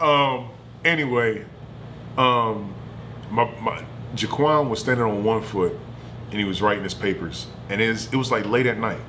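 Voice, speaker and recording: A man streaming from home, telling a family story in a loose, animated and profane way. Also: lowish voice, normal speed, a little hiss or hum. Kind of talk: casual storytelling.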